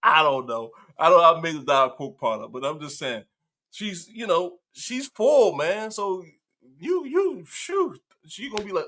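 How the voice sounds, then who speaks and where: A man's voice: a little high, sing-song, a little slow, pushed and bright, faint music behind. A male host telling a story in casual commentary, acting out the quotes and laughing often.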